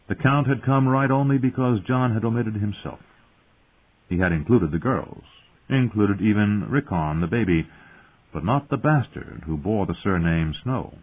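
A man reads a story aloud in a low voice that rises and falls freely. His tone is husky. The recording is thin and phone-like. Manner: expressive storytelling. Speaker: audiobook narrator. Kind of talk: scripted narration. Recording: tinny phone-like sound.

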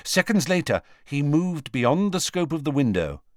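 A man narrating an audiobook with expressive storytelling on a close studio mic. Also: a little high, moderate pace, no echo. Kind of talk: scripted narration.

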